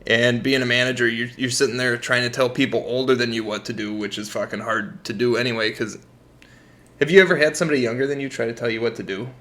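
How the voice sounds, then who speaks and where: A man's voice: mid-range voice, fairly even intonation, fast, a bit bright. A young American man co-hosting a podcast, telling profane work stories in casual chat and laughing often. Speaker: podcast co-host.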